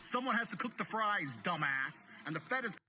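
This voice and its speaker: A brash man rants at the listener in a high, bright, swooping voice, profane and mocking as he lectures. His recording comes from a played video clip in a reverberant space, with a long echo and faint noise underneath. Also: big pitch swings, moderate pace. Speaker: online personality in a played video. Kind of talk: ranting monologue.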